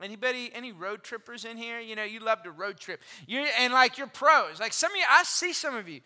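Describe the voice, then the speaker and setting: A pastor in his forties giving an animated, conversational sermon and asking the congregation questions. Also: extremely high pitch, brisk. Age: 40s. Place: church auditorium. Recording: reverberant hall.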